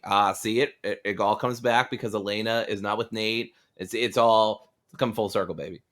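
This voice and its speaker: A man streaming a video game who comments excitably, with loud outbursts and joking asides. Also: lowish voice, moderate pace, few pauses.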